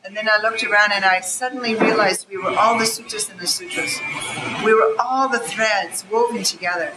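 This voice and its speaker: An older woman, a spiritual elder, telling stories in an earnest way, laughing often and quoting herself in lively voices. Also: mid-range voice, brisk, very noisy. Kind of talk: reflective storytelling. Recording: loud music behind the voice.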